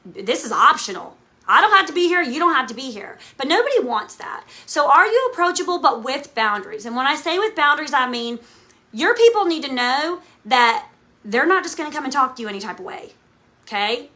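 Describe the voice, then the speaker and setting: A woman's voice: sits high, big pitch swings, a little fast, sharp tone. A woman, a direct sales team leader, gives a motivational talk to camera, emphatic and checking in with "okay?" again and again. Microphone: camera mic, speaking to camera.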